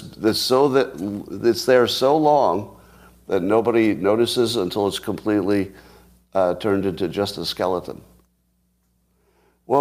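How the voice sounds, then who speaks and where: This commentary host has a fairly low, darkish male voice. Alone at the mic, he picks apart news headlines with sarcasm and feigned indignation, restarting his thoughts mid-stream and chuckling as he goes.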